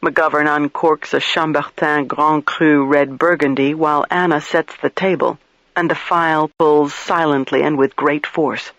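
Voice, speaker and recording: A man reading a crime novel aloud in first-person narration, measured and steady. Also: fairly high pitch, no room sound, muffled recording. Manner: measured, storytelling. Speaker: audiobook narrator.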